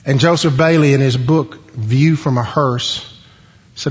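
A man preaching a sermon, asking the congregation questions and pausing for emphasis. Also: mid-range voice, steady tone. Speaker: pastor. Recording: dull sound with long hall reverb.

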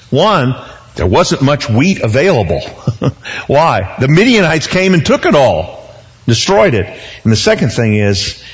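A man's voice: mid-range voice, dull audio. A man in his sixties preaching a conversational verse-by-verse sermon, with joking asides and repeated words. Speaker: pastor. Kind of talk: expository sermon.

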